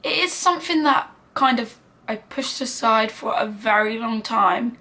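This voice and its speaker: A young British woman of nineteen speaks with a British accent in a casual storytime vlog. Her voice sits a little high, and she talks earnestly, with fillers and quoted dialogue along the way. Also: expressive, a little slow, sharp tone. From Britain. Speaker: vlogger.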